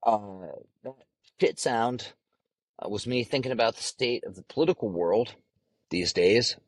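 A man's voice: medium pitch, lively intonation, a little slow, breathy edge, no room sound, low-quality recording. Brash, profane young man on a podcast. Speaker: podcast host. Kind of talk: casual solo podcast monologue.

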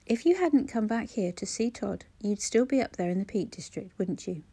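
A woman's voice: medium pitch, lively intonation, moderate pace, mellow, breathy edge. A woman reading aloud voices a frank, bossy woman friend who speaks firmly. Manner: firm, frank.

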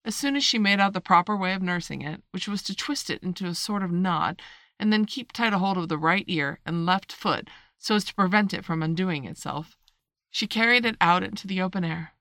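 A woman narrating a storybook in a measured, expressive read-aloud manner. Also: on the low side, no echo, clean studio sound. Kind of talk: storybook reading.

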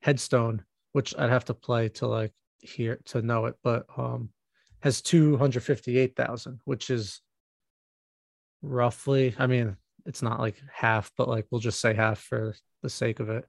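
A man's voice: mid-range voice, level tone, a little slow, vocal fry, dry recording, studio quality. A man co-hosting a music podcast, chatting casually and rambling with many fillers and restarts. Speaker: podcast co-host.

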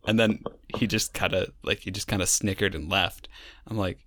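A man's voice: fairly low pitch, measured pace, a bit bright, dry recording, studio quality. A young man co-hosting a casual podcast, talking in a wry, sarcastic way and rambling through his stories. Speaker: podcast co-host. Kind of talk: casual chat.

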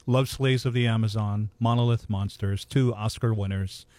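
A man telling local ghost stories in a relaxed, measured way, matter-of-fact about the details. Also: on the low side, no echo. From Hawaii. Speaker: ghost storyteller guest. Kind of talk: casual ghost storytelling.

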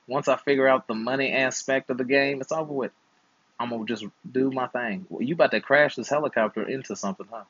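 Young uncle type, playful and slangy, husky voice, dry close sound. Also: male voice, mid-range voice, fast, fairly bright tone, no room sound, lo-fi sound. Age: 20s. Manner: playful, slangy, teasing advice. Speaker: uncle and channel host. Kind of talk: casual chat while gaming.

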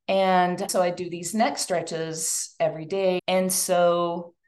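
Brief: adult woman, earnest heartfelt testimony to an audience, lower pitch, some vocal fry. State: tearful at times. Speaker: speaker giving a talk to women. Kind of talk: personal testimony talk.

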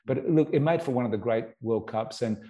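A middle-aged Australian man, a guest in an interview, telling stories in an animated way with many restarts and repeated words. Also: medium pitch, a little fast. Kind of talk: casual storytelling interview.

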